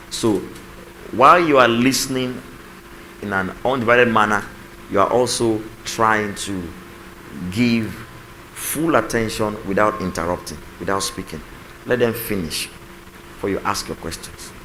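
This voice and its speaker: A man's voice: medium pitch, pushed and bright, slight background noise, low-quality recording. A male pastor preaching a sermon on marriage communication to a congregation, acting out spouses' lines and calling on the listeners to repeat after him. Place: church.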